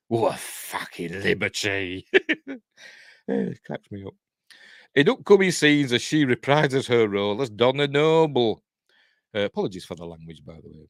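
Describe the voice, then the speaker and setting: A man's voice: mid-range voice, no echo, studio quality. A man with a Yorkshire accent hosting a live news stream, chatting in a rambling way, laughing often and reading out viewer comments. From Yorkshire, England.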